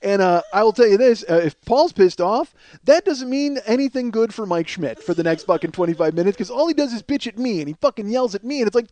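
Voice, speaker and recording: Male comedian, high voice, dry close sound, profane storytelling that breaks into laughter. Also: lively intonation, fast talker, darkish tone, dry recording. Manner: profane, laughs through his own story. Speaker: comedian host.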